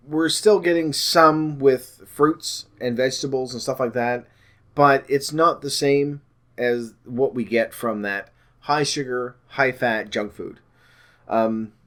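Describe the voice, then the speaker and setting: A man at an ordinary middle pitch, talking to camera about his weight-loss journey. He rambles, loses his thread, corrects himself with plenty of ums, and jokes about his own stumbles. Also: a bit bright. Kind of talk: casual talk to camera.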